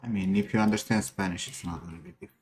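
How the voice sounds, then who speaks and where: A man's voice: on the low side, very fast, darkish tone. A man bantering on a stream, teasing dryly in casual chat.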